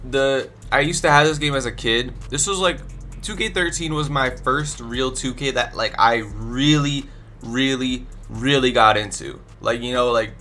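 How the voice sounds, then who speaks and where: A man's voice: medium pitch, pushed and bright. A young man with a stuffy nose from allergies, casually rambling his blunt opinions as a gaming YouTuber into a desk microphone. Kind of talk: casual commentary ranking video games.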